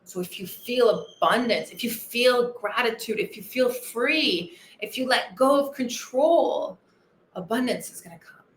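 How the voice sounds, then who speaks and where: A woman's voice: on the high side, expressive, unhurried, reverberant, slight background noise. A woman weight-loss coach hosting a motivational podcast monologue, enthusiastic and earnest, repeating her key phrases.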